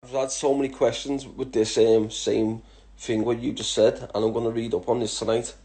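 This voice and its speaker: Liverpool man in his thirties, mid-pitched voice, blunt and sweary, quick to laugh, casual Q&A vlogger. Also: little pitch movement, warm tone. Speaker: vlogger answering follower questions. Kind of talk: casual Q&A chat.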